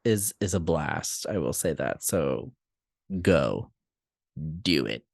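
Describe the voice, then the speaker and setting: A young man co-hosting a podcast, chatting casually and laughing often as he tells animated stories. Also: rumbling low, takes it slowly, vocal fry, no room sound, studio quality. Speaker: podcast co-host. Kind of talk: casual chat.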